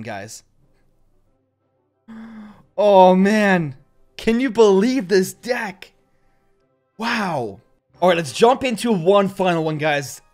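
A young man hosting a gaming channel, giving gameplay commentary and jumping to loud, excitable outbursts. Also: a little high.

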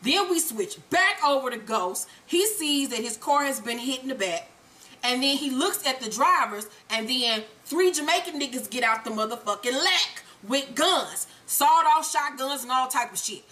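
A woman hosting a casual TV episode recap, telling the story with profanity and acting out the characters' lines in an animated way. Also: high voice, moderate pace. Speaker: show recap host.

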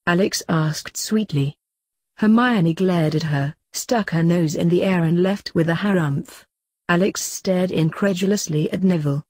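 A woman's voice: fairly low pitch, unhurried, darkish tone, slightly rough, no echo, clean studio sound. A woman reading fanfiction aloud, narrating steadily and lightly voicing the dialogue. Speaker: fanfiction reader.

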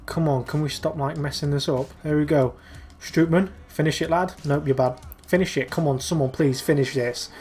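A man's voice: on the high side, darkish tone. A young man commentating live over a football video game, exasperated and urging his players on. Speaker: gaming YouTuber.

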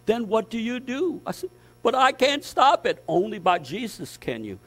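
A man preaching as pastor, fervent, dropping to hushed tones and rising to loud, emphatic lists. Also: high-pitched, sing-song, moderate pace. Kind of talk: sermon.

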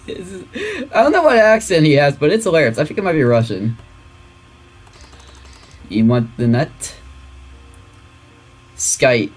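Young male gamer, lively voice that jumps around, faint music and typing behind. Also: mid-range voice. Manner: excitable, jumpy, rambling. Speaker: gaming youtuber. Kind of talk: casual let's-play commentary.

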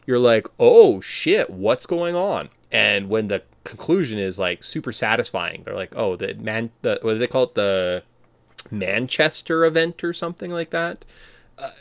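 Podcast co-host, male, fairly low voice, animated and emphatic, dry close mic. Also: vocal fry, no room sound. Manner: animated, emphatic, quick bursts of enthusiasm. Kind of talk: casual movie discussion.

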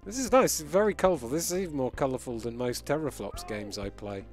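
A man's voice: medium pitch, expressive, fairly quick, a little mellow, soft background music. A man giving live, amused commentary while he plays a retro game and reads chat. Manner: chatty, amused, reacting as he plays. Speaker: game streamer.

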